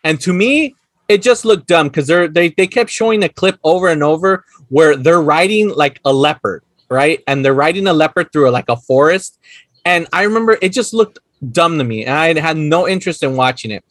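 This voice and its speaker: A man's voice: fairly high pitch, expressive, normal speed, fairly bright tone, dry recording. A man in his thirties with a Chicano accent, co-hosting a podcast in casual chat, laughing often, swearing and acting out movie lines. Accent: Chicano English. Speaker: podcast co-host.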